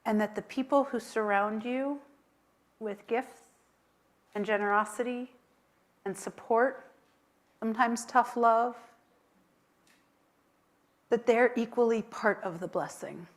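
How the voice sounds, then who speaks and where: A woman's voice: a little high, takes it slowly, long pauses. A woman rabbi leading a worship service in a synagogue, speaking tenderly and chanting Hebrew blessings. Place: synagogue sanctuary.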